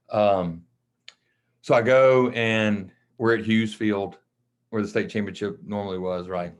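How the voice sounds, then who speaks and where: A man tells a personal story on a podcast, speaking in a fairly low voice. He is casual and emotional, and he acts out the dialogue of the people he quotes. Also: steady tone, measured pace. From Mississippi. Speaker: coach and podcast guest.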